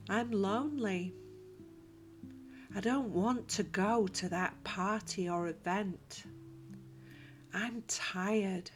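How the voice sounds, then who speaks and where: Woman, scripted self-help narration, unhurried, mid-pitched, deliberate, faint guitar music. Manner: slow, deliberate and reflective. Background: soft guitar music.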